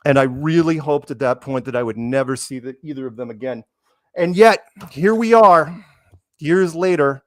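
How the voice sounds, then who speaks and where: A man's voice: a little high, normal speed, no room sound, clean studio sound. A man hosting a casual talk show, telling a teasing made-up story about his guests. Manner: teasing storyteller, quotes people in put-on voices. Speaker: podcast host. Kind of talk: casual chat.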